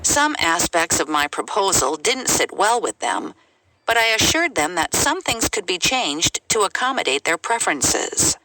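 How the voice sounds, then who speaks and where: A woman reading English example sentences aloud in a clear, measured way for a language lesson. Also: fairly low pitch, sing-song, sharp tone. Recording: noisy recording.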